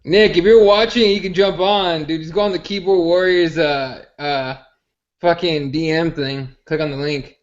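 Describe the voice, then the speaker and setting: Rambling, swearing high-voiced guy. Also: fairly even intonation, normal speed, highs cut off. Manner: rambling, swearing, filler-heavy. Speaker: podcast co-host. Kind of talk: casual storytelling chat.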